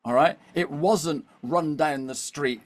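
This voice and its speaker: Slow and a little high-pitched, this middle-aged man's voice carries a lively story he's sharing as a guest on a podcast. He constantly looks for his listener's attention with "okay?" and "all right?" in this storytelling conversation.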